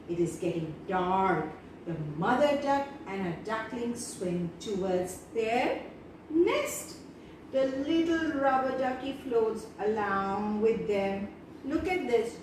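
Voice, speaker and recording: A woman reading a children's story aloud in an animated, sing-song way, speaking to young children. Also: high-pitched. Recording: echoey room, far from mic, noisy.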